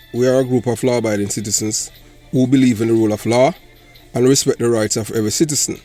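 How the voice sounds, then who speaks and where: A Jamaican man hosts his channel in casual commentary. His tone is sardonic and dry, and faint music plays underneath. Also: medium pitch. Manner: sardonic, rises to loud animated ranting. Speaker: channel host.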